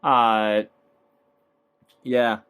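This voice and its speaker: Man, casual movie breakdown, filler-heavy, rambling, mid pitch. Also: flat delivery, extremely slow, fairly bright tone, clean tone. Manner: rambling, filler-heavy, laughs at own points. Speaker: movie recap vlogger.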